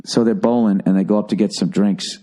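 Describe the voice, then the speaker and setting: A man's voice: fairly low pitch, steady tone, brisk, warm tone. A middle-aged man hosting a podcast, who rants bluntly and profanely while giving advice. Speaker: podcast host. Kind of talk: casual advice rant.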